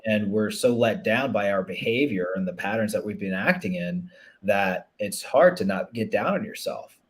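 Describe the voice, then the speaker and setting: A man with a lowish, animated voice speaks at normal speed as a relationship coach in a casual interview. His manner is earnest and reflective, marked by frequent restarts and "you know."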